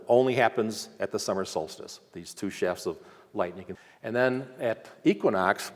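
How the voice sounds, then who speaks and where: A man giving a conversational slide lecture at a symposium, pointing things out on screen with frequent fillers. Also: on the low side. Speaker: archaeology lecturer. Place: lecture hall. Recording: long hall reverb.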